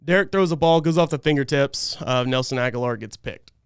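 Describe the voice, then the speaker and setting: A man hosting a fan livestream, ranting in frustration after a loss, swinging between loud outbursts and low muttering. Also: brisk, smooth, no room sound, clean studio sound. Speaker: fan podcast host. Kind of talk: post-game fan rant on a livestream.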